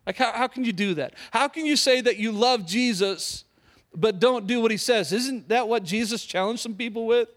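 A man's voice: very high voice, normal speed, fairly bright tone. A middle-aged male pastor preaching a sermon, emphatic, repeating key phrases and putting questions to the congregation.

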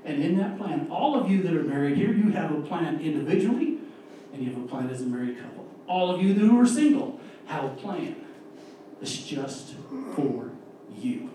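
Reading scripture during his sermon, a lay preacher sounds earnest and expressive, his somewhat high, mellow voice slowing to press each key word. He is recorded from far across a very echoey church sanctuary, with a faint hiss underneath.

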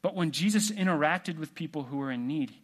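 A man preaching a sermon in a relaxed, conversational way, asking the congregation questions. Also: fairly high pitch, fairly quick. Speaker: pastor.

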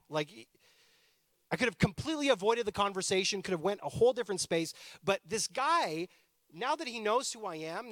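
A male pastor with a high voice that swings widely up and down, talking through a sermon like a chat with friends. He slips into playful asides between points. The sound is close and dry, with no room around it. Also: no room sound. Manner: conversational, animated storytelling with playful asides. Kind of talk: sermon with personal stories.

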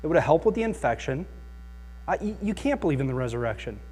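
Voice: medium pitch, big pitch swings, quick pace, darkish tone, husky, pitched below the performer's own voice. Skeptical firefighter coworker, dismissive and argumentative, put on by a preacher.

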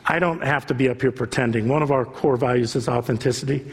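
A man's voice: medium pitch, fast talker, husky. A male pastor preaching an impassioned sermon, building at times to a raised voice. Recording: long reverb of a large hall.

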